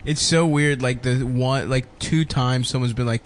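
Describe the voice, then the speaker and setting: A man's voice: mid-range voice, steady tone, measured pace, slight background noise. A man co-hosting a casual podcast, teasing his friends with crude jokes and frequent laughter. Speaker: podcast co-host.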